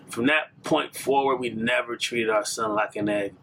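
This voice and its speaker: A man's voice: medium pitch, normal speed, hardly any pauses, a bit bright, slight background noise. Earnest man telling a personal testimony. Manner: earnest, reflective, with fillers and restarts. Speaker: podcast storyteller.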